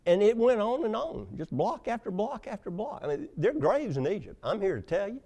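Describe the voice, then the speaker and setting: A man preaching a sermon, telling stories with loud emphasis and hushed asides. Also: high voice, sing-song, fairly quick, vocal fry. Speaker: pastor.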